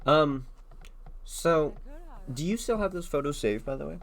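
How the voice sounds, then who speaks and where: A young adult man from Texas streams a game, chatting casually and tossing out joking interview questions as he plays. His voice is fairly high and animated, unhurried, with some vocal fry.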